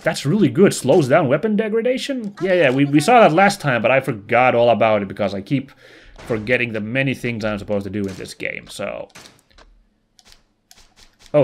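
A young man casually commentating a game as he plays, rambling and correcting himself as he goes. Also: mid-range voice. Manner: rambling, self-correcting, chatty. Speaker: let's play host.

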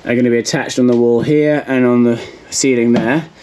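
A man's voice: mid-range voice, steady tone, a little fast, a little mellow, a little hiss or hum. An English man narrating a casual vlog as he works, chatty and full of ums and likes. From England. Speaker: vlogger.

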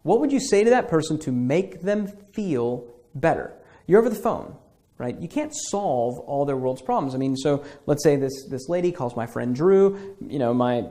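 A man's voice: on the high side, sing-song, normal speed, dark tone. Man guiding a marketing visualization. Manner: conversational, checks in with repeated "okay?" and acts out imagined callers. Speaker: marketing instructor. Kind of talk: guided visualization lesson.

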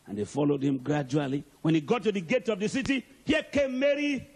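A man's voice: sits high, a little fast, creaky, few pauses, darkish tone, breathy edge. A male archbishop preaching a sermon emphatically and calling out to the congregation.

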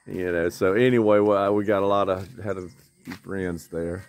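Deep-voiced rambling Southern man. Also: fairly even intonation, moderate pace, darkish tone, smooth. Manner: rambling, filler-heavy, folksy. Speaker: vlogger. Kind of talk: casual vlog update. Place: outdoors on a tropical building site.

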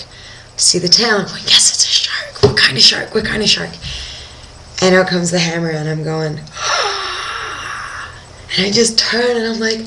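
A woman's voice: fairly low pitch, a bit bright, a little hiss or hum, poor audio. A young woman working as a dive instructor, telling a diving story in a casual video diary and acting out her own reactions.

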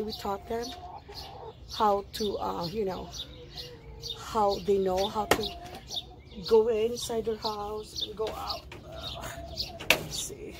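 A woman vlogging her morning on a phone in her backyard, chatting with pauses and fillers and cooing at her pet hens. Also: medium pitch, noisy background. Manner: chatty, hesitant, talks sweetly to her hens. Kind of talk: casual vlog commentary. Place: home backyard, outdoors.

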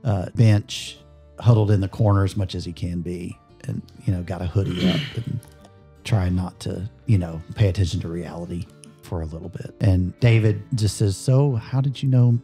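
Guy running a tabletop game, mellow low-key voice, rambly, faint music behind. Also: normal speed. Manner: relaxed, rambling narration with many fillers. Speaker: game master.

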